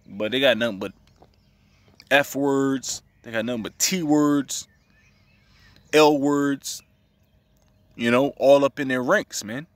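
A man's voice: mid-range voice, slow pace, long pauses, dry recording, recorded from a distance. A man giving casual religious commentary, profane and agitated, returning to the same phrases again and again.

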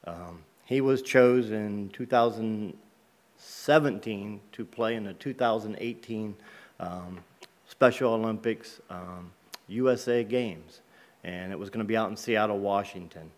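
A man's voice: on the low side, unhurried. A middle-aged man from Ohio, a guest speaker in church, telling a personal faith story in a folksy, plain-spoken way with many ums. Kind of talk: personal testimony sermon. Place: church sanctuary.

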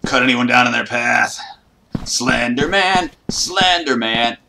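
A man talking through a horror game with crude jokes and swagger, bursting into yelps and shouts at every scare. His voice sits at an ordinary middle pitch. Noticeable hiss and mouse clicks run under the recording. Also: slow, gravelly. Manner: joking, boastful trash talk with sudden yelps. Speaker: gaming YouTuber. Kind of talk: horror game let's play commentary.

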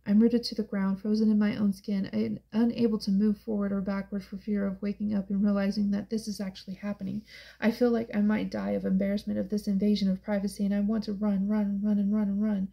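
A woman narrating a novel in the first person, with a steady, subdued and introspective delivery. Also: mid-range voice, a little fast, vocal fry, low-quality recording. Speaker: audiobook narrator.

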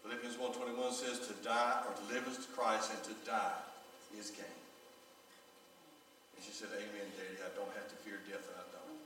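A pastor preaching a sermon, telling a personal story with emotion, his voice often dropping low and soft. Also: flat delivery, normal speed. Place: large church sanctuary. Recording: echoey church hall recorded from far off.

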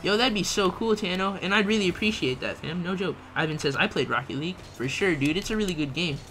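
A young man's bright, fairly high voice carries a slangy, easygoing live-stream chat as he reads viewer messages aloud and laughs along. A faint hiss of background noise sits under the desk mic. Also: animated, fast talker. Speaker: gaming livestreamer.

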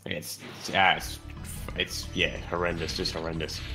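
A man's voice: deep voice, flat delivery, normal speed, creaky, music in the background. A man casually commentating a video game race, chatty and rambling, with lots of fillers and restarts.

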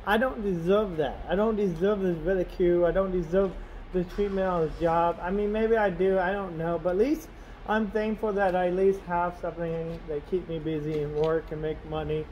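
A man with a notably high voice talks into the camera from inside his car. He rambles and complains, circling back on himself with constant "you know"s, and a faint hum of ambience sits behind him. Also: fairly even intonation, normal speed, darkish tone, muffled recording. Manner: aggrieved, complaining. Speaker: delivery driver vlogger. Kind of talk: casual vlog rant. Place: in his car on a snowy road.

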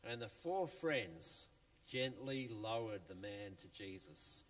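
A man tells a children's Bible story in church in a playful, chatty, animated way. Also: fairly low pitch, takes it slowly. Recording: long church reverb, faint music.

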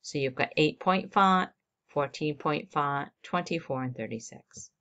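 A woman teacher walking students through a software assignment step by step on a screen recording, narrating each click. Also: low voice, unhurried, muffled recording.

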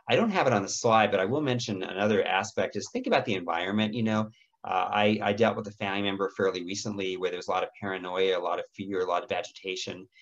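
Give me a middle-aged man with a slightly raspy, low voice, lecturing gently on dementia care over dull, lo-fi audio. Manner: gentle, clears throat often, fillers and restarts. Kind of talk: lecture presentation with slides.

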